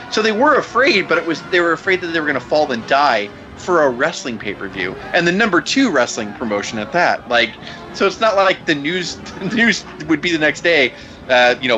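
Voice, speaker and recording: A man's voice: on the high side, expressive, a little fast, pushed and bright, highs cut off, soft background music. A man co-hosting a podcast, retelling a story in a casual, profane, laughing way. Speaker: podcast co-host.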